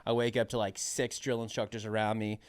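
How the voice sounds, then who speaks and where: A young man from New Mexico telling stories in casual podcast chat. His voice is smooth and clear, at a middle pitch, and it is recorded close and dry. He tells his anecdotes with a lot of swearing and bursts of acted-out voices. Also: brisk, no room sound. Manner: animated, swearing, acts out other people's voices. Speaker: guest comedian.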